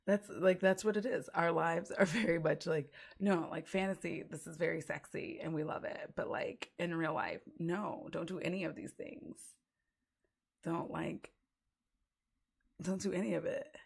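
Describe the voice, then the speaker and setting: A woman's voice: lowish voice, fairly even intonation, unhurried, creaky, husky. A woman streamer in casual livestream chat, rambling and giggly, with lots of fillers.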